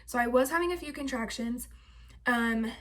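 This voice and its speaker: A young pregnant woman talks to her camera in a casual, chatty vlog update. Her voice sits a little high, and she leans on "like" and "um" as she rambles through her story. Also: moderate pace, a bit bright. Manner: chatty, filler-heavy with frequent "like" and "um". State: heavily pregnant. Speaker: vlogger.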